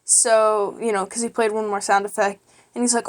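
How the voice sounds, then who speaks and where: A woman's voice: medium pitch, level tone, a little hiss or hum. Teen girl YouTuber, chatty storyteller, mid-range voice, acts out the people in her stories. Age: teens. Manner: quick, rambling with many fillers. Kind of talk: casual storytelling.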